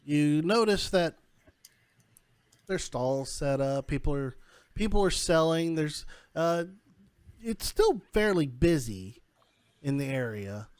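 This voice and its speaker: A man narrating as game master, halting with many fillers. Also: a little high, animated, smooth, no echo. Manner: halting, lots of fillers and restarts.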